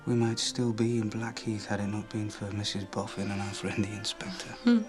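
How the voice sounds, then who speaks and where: Played by an actor, an earnest young Victorian husband speaks softly in a level, steady voice. His pitch barely moves. A clear music score plays behind him. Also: fairly quick, natural voice. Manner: soft, even and earnest. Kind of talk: period TV drama acting.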